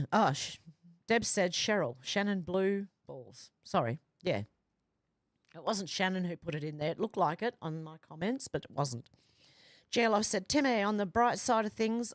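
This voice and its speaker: Woman host, lowish voice, dry close sound, casual stream chat reading out viewer comments. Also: dry recording. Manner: chatty, reads comments aloud with asides and fillers. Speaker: livestream host.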